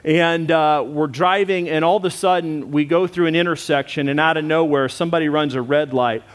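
Middle-aged pastor, slightly high voice, animated sermon storyteller. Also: male voice, brisk, a little hiss or hum.

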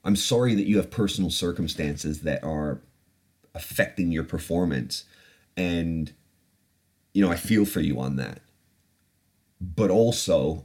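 A man's voice: sits low, slightly rough. A man hosting a podcast, telling a personal story in a candid, profane, reflective way. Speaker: podcast host. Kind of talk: casual storytelling.

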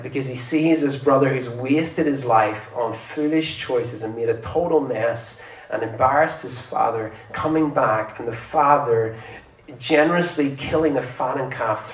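A man preaches in a relaxed, conversational way, stopping to restart his thoughts and growing lively as he retells a story. His mid-range voice sounds a little distant from the mic. The hall is roomy, with a faint ambience underneath. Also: mid-range voice. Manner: conversational, animated when retelling stories. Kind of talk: sermon.

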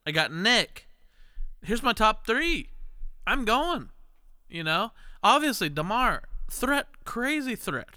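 A man's voice: sits high, very animated, takes it slowly, sharp tone, smooth. A tipsy, tired man hosting a late-night podcast, rambling and emphatic, laughing and cursing. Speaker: podcast host. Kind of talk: casual drunk podcast chat.

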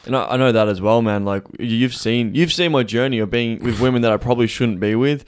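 A male podcast host talks in a blunt, heavily profane way, and he gets animated when telling stories. His voice sits at a middle pitch and sounds smooth and clear. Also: fast talker. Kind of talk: casual conversation.

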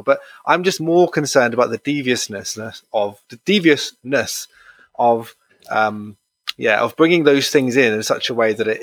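Man, podcast host, thoughtful, measured, dry close sound. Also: mid-range voice, fairly bright tone, no echo. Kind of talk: conversational podcast discussion.

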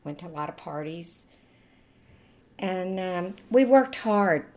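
A woman's voice: lowish voice, animated, slow pace, warm tone. Older Louisiana woman with a Cajun accent, chatty interviewee who laughs often. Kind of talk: oral history reminiscing.

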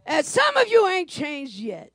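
A woman pastor preaching a sermon, swinging between hushed asides and shouted lines. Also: extremely high pitch, wildly swooping pitch, unhurried, no room sound. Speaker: senior pastor.

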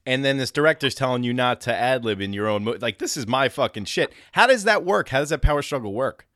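A man co-hosting a casual chat, asking slow, incredulous questions. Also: mid-range voice, animated, fairly bright tone, dry recording, studio quality.

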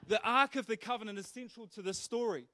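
A young man preaching a sermon, telling a funny story with animated energy before turning earnest. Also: high voice, fast talker. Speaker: pastor.

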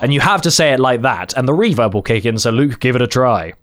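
A man's voice: medium pitch, animated, quick pace, fairly bright tone. Upbeat young man hosting a podcast. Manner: enthusiastic, playful. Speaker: podcast host. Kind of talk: casual podcast chat.

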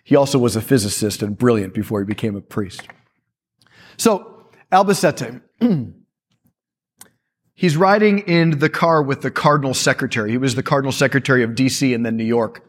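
A male priest speaking to a church audience, telling stories in a lively way with quick asides. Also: medium pitch.

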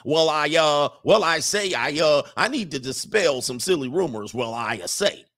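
A loud, blustery Southern rooster from the cartoons, played by a man drawls and sputters through his lines. He keeps tripping over himself with stammered "I say" asides, pitched a little above a plain speaking voice. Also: animated, normal speed. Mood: blustering.

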